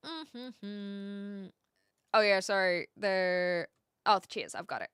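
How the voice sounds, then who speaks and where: A woman's voice: medium pitch, animated, slow, fairly bright tone, no room sound, studio quality. A woman with an Australian accent, chatting casually on a livestream and answering viewers' comments aloud. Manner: chatty, reads chat aloud and replies, laughs often. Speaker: livestream host. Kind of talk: casual chat with live viewers.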